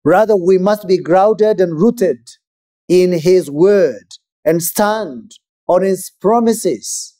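A man preaching a sermon in a measured, emphatic way with pauses. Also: high voice, dark tone.

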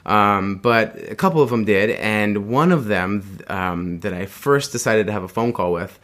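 A man's voice: on the low side, normal speed, a bit bright. A man telling a personal story in a casual chat, rambling with many restarts and frequent laughs. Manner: rambling, laughing often, acts out voices in quotes.

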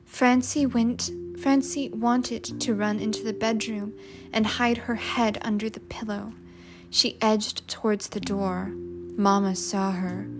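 A woman reading a story aloud in a measured, expressive way. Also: mid-range voice. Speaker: narrator. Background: music.

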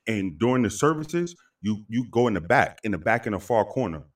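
A man's voice: fairly low pitch, big pitch swings, fairly quick. A man hosting a casual podcast chat who speaks emphatically and repeats himself to drive his points home. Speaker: host. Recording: voice far from the mic.

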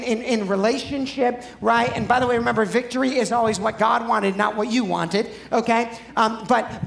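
Pastor preaching with a gravelly voice. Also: male voice, extremely high pitch, echoey room. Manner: conversational, asks the audience questions. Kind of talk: sermon.

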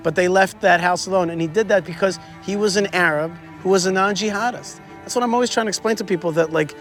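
A man with a notably high voice leads a tour through a historic site outdoors, telling history with animated energy. He tosses quiz questions to his listeners as he goes, while faint music plays underneath. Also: quick pace. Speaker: tour guide. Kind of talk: history lesson told on a tour.

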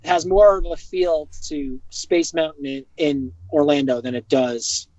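A young man hosting a casual chat, telling stories in an animated way and swearing freely. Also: a little high, unhurried, no echo. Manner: profane, animated storytelling. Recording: dull, dry lo-fi recording.

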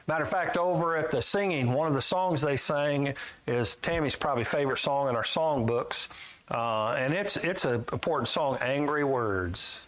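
A middle-aged man preaching a sermon in a folksy, emphatic way, jumping from loud high points to low asides. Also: moderate pace.

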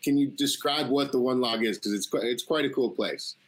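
A man's voice: medium pitch, brisk, poor audio. A man hosting an interview, asking short, curious questions. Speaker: podcast host.

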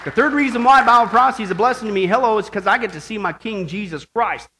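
A pastor preaching a sermon to his church, fervent, dropping to hushed asides and rising to shouted praise. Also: high-pitched, fast talker, a crowd in the background, noisy background.

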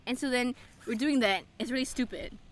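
A young woman chatting casually with a friend, telling stories in an animated, giggly way. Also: on the high side, brisk. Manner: giggly, animated storytelling, frequent laughter. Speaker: friend answering questions. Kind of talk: casual chat.

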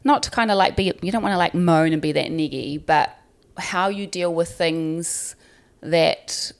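A woman with a low, gravelly voice chats easily on a podcast. She talks loosely, piling up fillers and breaking into laughter often. She is in her thirties and sounds relaxed among friends. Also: measured pace. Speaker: podcast co-host. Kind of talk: casual chat.

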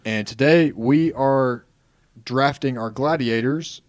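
A man hosting a casual podcast, easygoing as he sets up each segment. His voice sits at an ordinary pitch, and the recording is dry and close. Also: slow, no echo. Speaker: podcast host. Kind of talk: casual chat.

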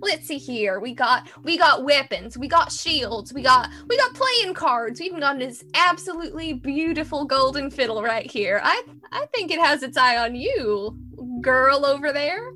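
A woman voicing a lanky middle-aged male trader with a Southern accent and a smooth salesman patter. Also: high voice, big pitch swings, normal speed, few pauses, pushed and bright, exaggerated voice. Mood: coaxing sales pitch. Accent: American Southern.

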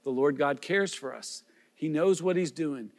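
A man's voice: on the high side, unhurried, long reverb tail. A man preaching as a pastor, earnest and pleading, with repeated questions and small restarts. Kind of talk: sermon.

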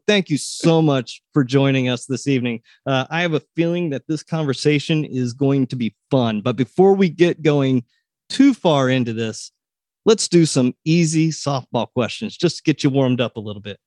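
A man's voice: on the high side, normal speed, a little mellow, no echo, clean studio sound. A man hosting a podcast interview, chatty and folksy, with frequent restarts. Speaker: podcast host.

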